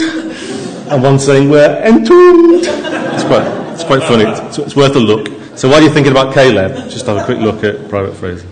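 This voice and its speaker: A man gives a relaxed, joking sermon to his church, often restarting and tossing questions to the congregation. His voice sits at an ordinary middle pitch. The sound rings on in a large reverberant hall. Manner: conversational and jokey, with restarts and asides to the congregation. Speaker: preacher.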